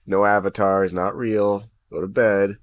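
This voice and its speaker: A wise old uncle figure, put on by a man on a podcast talks in a low, dismissive tone. He lectures his nephew in a fatherly way and sends him off to bed. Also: little pitch movement, normal speed, dry recording, close to an everyday voice. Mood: scolding.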